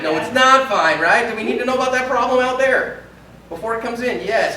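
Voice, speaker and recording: A man who is a pastor, giving an animated conference talk and acting out little dialogues. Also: extremely high pitch, brisk, slight background noise. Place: large conference hall. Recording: echoey hall from far off.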